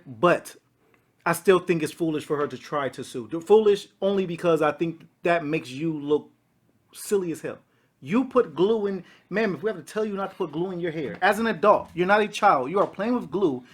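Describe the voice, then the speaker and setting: A man with a somewhat high voice, guesting on a relaxed podcast. He talks emphatically and repeats words as he drives his point home. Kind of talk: casual podcast chat.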